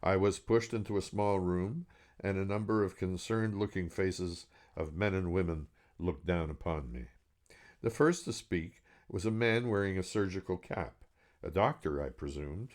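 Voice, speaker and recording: A man's voice: deep voice, normal speed, a little mellow. A man reading aloud from his own novel with a dry, wry delivery. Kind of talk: serialized book reading.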